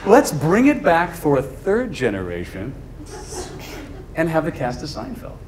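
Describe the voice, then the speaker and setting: A man doing stand-up comedy for a live audience, chatty and animated, often laughing at his own jokes. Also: a little high, measured pace. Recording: echoey room, audience laughter, noise.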